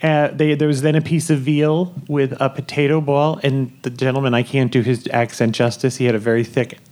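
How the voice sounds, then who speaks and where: A man hosting a live podcast from a cruise ship theater, speaking at an everyday middle pitch. He tells stories in a chatty way and often breaks into laughter while the audience listens. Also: flat delivery, a little fast, darkish tone. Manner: chatty, laughing, enthusiastic food storytelling. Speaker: podcast host.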